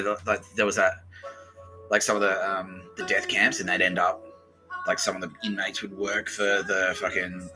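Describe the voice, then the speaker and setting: Sharp-toned man telling a story. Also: sits low, low-quality recording. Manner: animated, swearing, laughing between phrases. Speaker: podcast host. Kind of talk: casual comedic storytelling.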